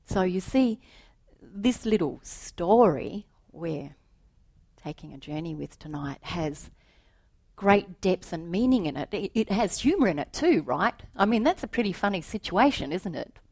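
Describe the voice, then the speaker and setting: A woman giving a reflective spiritual talk, telling a story and then drawing its meaning, often asking rhetorical questions and sometimes dropping to a soft aside. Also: lowish voice, sing-song, measured pace. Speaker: spiritual teacher.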